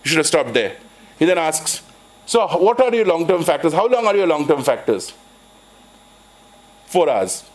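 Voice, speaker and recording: A man's voice: a little high, sing-song, brisk. A man with an Indian English accent giving a university lecture on finance, rambling with frequent restarts and telling anecdotes. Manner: rambling, many restarts and "kind of", jokey storytelling. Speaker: finance professor. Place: lecture hall.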